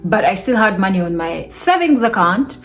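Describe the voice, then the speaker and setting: A woman recounts a personal story straight to camera in a relaxed, chatty vlog style. She speaks at a middle pitch and keeps the telling lively, laughing between remarks. Soft music plays faintly underneath. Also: moderate pace. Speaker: vlogger. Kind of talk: casual storytelling.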